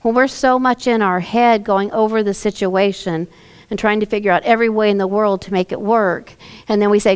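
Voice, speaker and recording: Lady pastor giving a sermon, soft and chatty, lots of questions. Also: mid-range voice, fairly even intonation, fairly quick, clean tone. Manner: gentle, conversational preaching with rhetorical questions.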